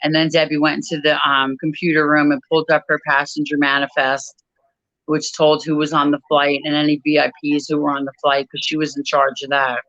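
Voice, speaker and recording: A woman guest in an interview, telling a personal story in a measured, reflective way with frequent pauses. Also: deep voice, level tone, fairly bright tone, no echo, dull audio. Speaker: author and guest.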